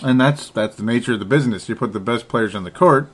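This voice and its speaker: Male podcast co-host, casual chat, loose and jokey, middle pitch. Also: fast. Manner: rambling, laughs often, jokey.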